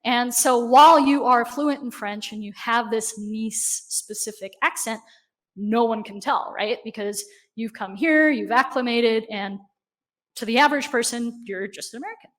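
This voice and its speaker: A woman giving a conversational, animated conference talk, often checking in with the audience. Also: a little high, normal speed. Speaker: conference speaker. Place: conference stage.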